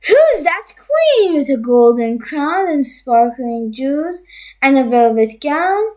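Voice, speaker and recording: A woman reading a children's picture book aloud in an expressive, sing-song storytelling manner. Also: high-pitched, slow. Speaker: storybook reader.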